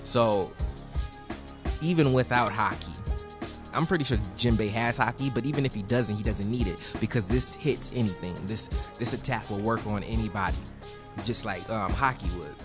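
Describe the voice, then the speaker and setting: A man giving a casual, excitable, profane recap of an anime episode as a reviewer. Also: on the low side, normal speed, over music.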